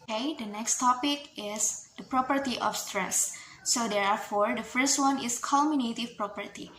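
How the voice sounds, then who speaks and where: A young woman from Indonesia with an Indonesian accent, a student explaining a class topic with examples, halting and full of "uh" fillers. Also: on the high side, pushed and bright, roomy sound, slight background noise, poor audio. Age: young adult. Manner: halting, many "uh" fillers, slow careful word examples. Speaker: university student.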